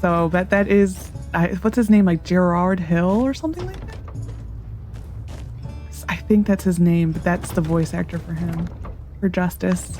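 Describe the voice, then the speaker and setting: Lady doing a lets play, rambly and chatty, soft mellow voice, faint game music under. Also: on the low side, lively intonation, unhurried. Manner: chatty, rambling, hesitant fillers. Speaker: gaming channel host. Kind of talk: casual let's-play commentary.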